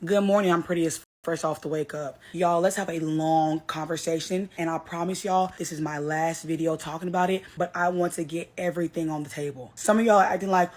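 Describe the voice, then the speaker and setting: A woman's voice: on the low side, fairly even intonation, moderate pace, hardly any pauses, darkish tone. A young woman, a social media creator, talking straight to camera in a brash, blunt selfie rant full of swearing.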